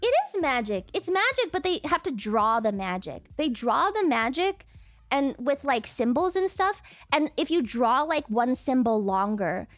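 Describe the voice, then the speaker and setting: A woman streamer in casual live-stream chat, excitable and chatty, sometimes swearing at her chat over a desk mic. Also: sits high, unhurried, dry recording.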